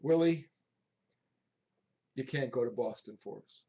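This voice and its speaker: An actor playing a young, brisk boss who talks in a clipped, evasive, softly dismissive way. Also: male voice, medium pitch, creaky, breathy edge. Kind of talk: film drama acting. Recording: dull old film soundtrack.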